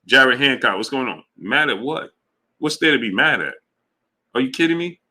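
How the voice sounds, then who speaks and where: A man hosts a boxing livestream and answers his chat in a loose, casual way. His voice is bright and forceful, and his delivery is animated and emphatic. He often repeats his points for weight. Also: mid-range voice, normal speed. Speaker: boxing show host.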